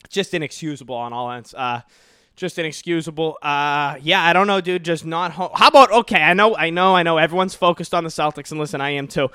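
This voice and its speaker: A man's voice: fairly high pitch, fast talker, pushed and bright, clean tone, no room sound, clean studio sound. Brash, profane young man ranting. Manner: profane, brash, rambling, says dude and okay a lot. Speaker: comedian podcast host. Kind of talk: casual solo podcast rant. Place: his own home.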